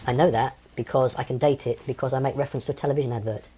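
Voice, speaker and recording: A man's voice: medium pitch, steady tone, very fast, dark tone, breathy edge. A man in his sixties from England, an interview guest recounting personal experiences in a hesitant way, with frequent ums and restarts. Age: 60s.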